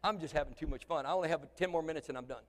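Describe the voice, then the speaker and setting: A male pastor delivers a sermon, his voice pitched high for a man. He swings from loud, animated preaching down to quiet, chatty asides. The sound carries a long reverb, as from a church hall. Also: racing, slight background noise. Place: church sanctuary.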